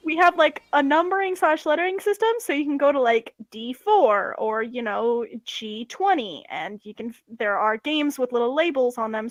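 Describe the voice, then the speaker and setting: A young woman with a high, light voice tells her stories in a lively, easy way and laughs often. The sound is close and dry, with no room around it. She is chatting casually with friends on a remote call before a tabletop game. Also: dry recording, poor audio. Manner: lively storytelling, laughs easily. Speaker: player in an online tabletop game. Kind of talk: casual chat.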